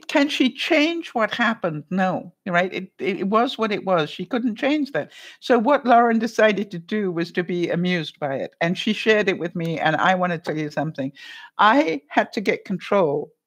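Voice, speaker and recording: With a medium-pitched, expressive voice and a measured pace, a woman chats with her live stream viewers. She greets people in the chat, laughs frequently while telling a story, and voices other people's lines.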